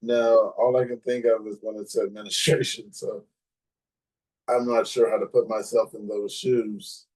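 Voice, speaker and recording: Male podcast host, monotone, reads listener comments plainly. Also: fairly low pitch, unhurried. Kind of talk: casual podcast chat, reading listener comments.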